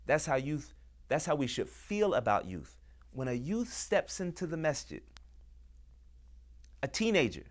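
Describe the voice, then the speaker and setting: A man hosting a show, talking with deep emotion and passion, acting out quoted voices as he makes his points. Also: big pitch swings, moderate pace, long pauses. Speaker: host. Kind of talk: impassioned talk to camera.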